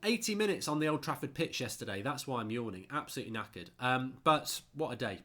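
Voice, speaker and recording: Blunt, tired football host. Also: male voice, medium pitch, lively intonation, fast, sharp tone. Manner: blunt, opinionated, chatty. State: tired, yawning. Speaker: football channel host reading viewer comments. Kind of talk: casual live-stream chat.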